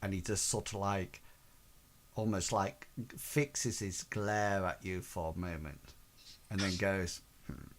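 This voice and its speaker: A man's voice: low voice, steady tone, slow, a little hiss or hum. A man narrating as game master, rambling and full of "sort of, like" fillers.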